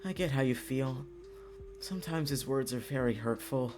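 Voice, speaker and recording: Give me a kind, soothing young man read by a streamer from a visual novel, middle pitch, faint music underneath. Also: normal speed, lightly acted. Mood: gentle. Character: gentle young man, soothing twin brother. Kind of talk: reading a visual novel aloud.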